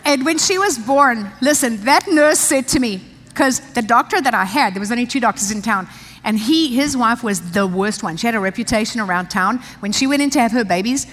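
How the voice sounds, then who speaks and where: A woman's voice: fairly high pitch, lively intonation, brisk, a bit bright. A woman pastor from South Africa, telling a personal story in a chatty sermon, laughing often and restarting her sentences. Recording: long reverb of a large hall.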